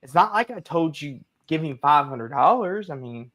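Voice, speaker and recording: A man's voice: a little high, lively intonation, moderate pace, fairly bright tone. A young man co-hosting a casual sports livestream, teasing his friends and laughing as he talks. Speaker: co-host.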